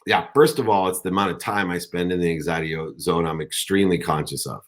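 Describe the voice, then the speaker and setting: A man's voice: low voice, fast talker. A middle-aged man mentoring on a coaching call, talking earnestly and rambling with many restarts. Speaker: guest mentor.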